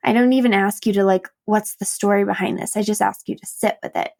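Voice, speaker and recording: Fast and gravelly, this medium-pitched woman is a coach and podcast host telling a story from her own life. Her retelling is animated, frank, and self-deprecating, full of laughter and performed bits of quoted dialogue.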